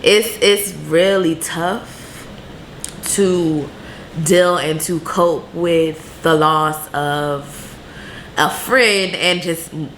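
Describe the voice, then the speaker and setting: A woman in her late twenties with a low voice talks slowly and earnestly, answering viewers' questions in a candid vlog. Her voice rings in a roomy space with a faint ambient hum underneath. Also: steady tone, fairly bright tone. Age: late 20s. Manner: reflective, laid-back, earnest. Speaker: vlogger.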